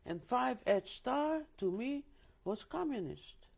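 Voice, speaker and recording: Older woman, interview testimony, lively storytelling, dark mellow timbre. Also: fairly high pitch, takes it slowly, gravelly, slightly rough. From Czechoslovakia. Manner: vivid storytelling with restarts and asides. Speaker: interviewee, Holocaust survivor. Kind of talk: oral history testimony.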